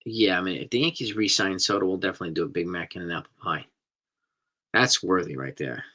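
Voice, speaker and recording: A man's voice: low voice, fast talker, pushed and bright. A middle-aged man, hosting a live stream and chatting casually with viewers, rambling and enthusiastic. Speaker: host reading live chat.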